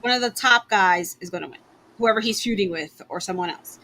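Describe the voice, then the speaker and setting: A woman's voice: mid-range voice, brisk, pushed and bright, a little hiss or hum. A woman co-hosting a podcast, talking bluntly and casually, swearing and laughing often. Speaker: podcast co-host. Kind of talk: casual chat.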